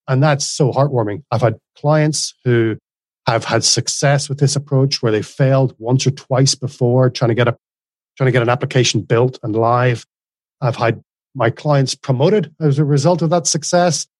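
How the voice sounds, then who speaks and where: A man in his forties with a softened Northern Irish accent blended with Australian, talking earnestly as an interview guest in long runs with frequent restarts. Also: medium pitch, dry recording. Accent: softened Northern Irish, mixed with Australian. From Northern Ireland. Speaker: guest, course creator. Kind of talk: casual interview conversation.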